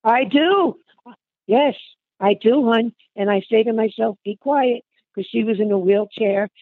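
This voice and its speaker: A woman's voice: on the high side, measured pace, dry recording, phone-quality sound. An older woman reminiscing in an interview, chatty and calling the listener hon and honey. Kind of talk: reminiscing conversation.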